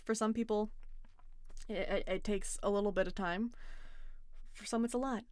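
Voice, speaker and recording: A woman hosting a casual call-in debate, relaxed and wry, with a dry sense of humor. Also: medium pitch, moderate pace, no room sound. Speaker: host.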